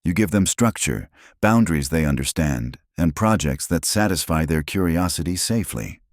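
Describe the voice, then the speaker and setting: A man voicing Amelia, a calm, practical woman engineer who mothers alien cubs, in a dry, matter-of-fact way. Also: very deep voice, normal speed, no room sound.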